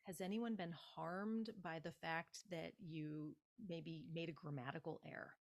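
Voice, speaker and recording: A woman speaking as a public speaking coach in an interview, giving emphatic, animated advice and acting out example phrases. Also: deep voice, a little slow.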